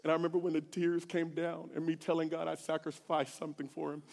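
A man from Texas sharing a personal faith testimony in sermon style, swinging between hushed lows and near-shouted peaks. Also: completely flat delivery, quick pace, vocal fry, hardly any pauses, long reverb tail. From Corpus Christi, Texas. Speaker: church speaker giving testimony.

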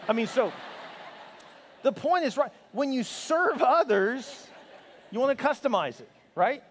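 A man's voice: very high-pitched, big pitch swings, normal speed, pauses often, a bit bright, slight background noise. A man preaching a sermon as a pastor, emphatic and exhorting, with playful asides. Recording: long reverb of a large hall.

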